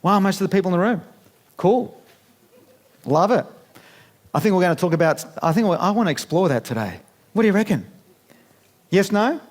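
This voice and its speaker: A man's voice: high voice, expressive, fairly quick, pauses often. A man, giving a chatty, playful seminar talk to a live audience in a conference room and asking them questions. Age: 50s. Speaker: business speaker.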